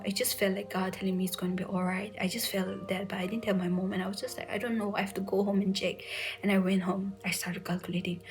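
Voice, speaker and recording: A young woman recounts a personal story in a soft, hushed voice that keeps slipping toward a whisper. Her pitch stays level and narrow as she speaks through tears, full of "you know" and "like". Light music plays underneath. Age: young adult. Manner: soft-spoken, often near a whisper, many fillers. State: tearful, emotional. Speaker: medical entrance exam aspirant sharing her story.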